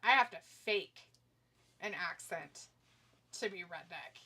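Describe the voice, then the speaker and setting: A woman's voice: on the low side, animated, takes it slowly, pushed and bright. A woman co-hosting a live stream, chatting casually, teasing and laughing often while reading viewer comments. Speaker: stream co-host.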